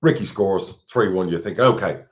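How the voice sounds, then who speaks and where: A deep-voiced Irish man in middle age, co-hosting a football podcast. He talks bluntly and candidly, swears freely and stumbles over repeated words when worked up. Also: brisk. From Ireland. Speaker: football club chairman, podcast co-host.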